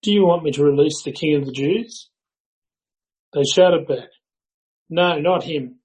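A man reading a Bible passage aloud to a church in a measured, even way. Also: a little high, poor audio. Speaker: scripture reader.

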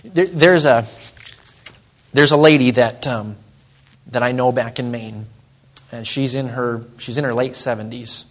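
A young man preaching to his church, telling a personal story in an earnest way and slowing to press his points home. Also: medium pitch. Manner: earnest storytelling, slows and presses on key lines. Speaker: pastor.

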